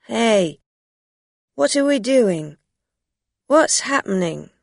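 A woman voicing a drunk, red-faced man who is angry and confused, talking loudly. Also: a little high, very animated, takes it slowly, vocal fry, no room sound, studio quality, pitched above the performer's own voice, full character voice. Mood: drunk, bewildered.

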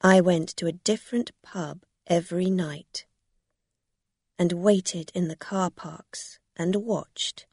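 A woman voicing a shrewd, determined woman who calmly confronts a swindler. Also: lowish voice, slow, slightly rough, no room sound, clean studio sound, exaggerated voice. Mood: firm.

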